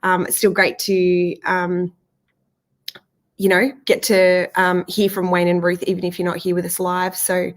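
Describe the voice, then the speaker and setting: A woman's voice: lowish voice, monotone, unhurried. A woman co-hosting a church livestream, talking casually with lots of fillers. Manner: chatty, many ums and fillers.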